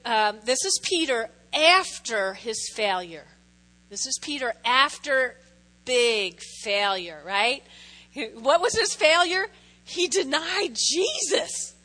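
High, bright-voiced woman pastor preaching. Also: expressive, takes it slowly. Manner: chatty, keeps checking in with the audience. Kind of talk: sermon.

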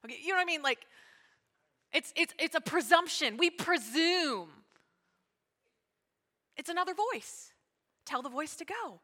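A woman pastor preaching a sermon in a fast, chatty way, joking and adding asides. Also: high-pitched, lively intonation, bright, forceful tone. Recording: long hall reverb.

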